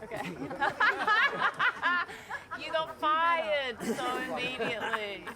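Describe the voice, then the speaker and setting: A woman's voice: high-pitched, takes it slowly, over a noisy crowd. A woman on a film set, joking and teasing between takes in behind-the-scenes banter. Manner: laughing, teasing.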